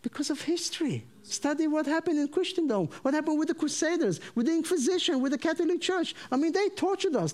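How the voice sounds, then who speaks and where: A man with a fairly high voice shares his conversion testimony as a sermon. He tells the story with lots of energy and acts out each voice. His pitch moves widely as he goes. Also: darkish tone. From Israel. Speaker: preacher sharing his testimony.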